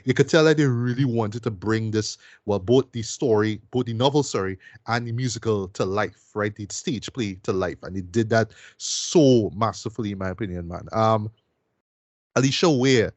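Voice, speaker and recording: In this dry recording, a podcast co-host talks about a film in a relaxed, eager way, dropping plenty of fillers and tag questions. His voice sits on the low side, a little mellow, moving at a moderate pace.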